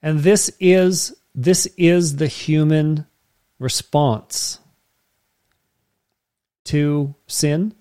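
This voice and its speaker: A man's voice: fairly high pitch, steady tone, drawn-out words, long pauses, dark tone, clear, resonant tone. A man preaching a sermon as pastor, in a conversational way that keeps checking in with the listeners.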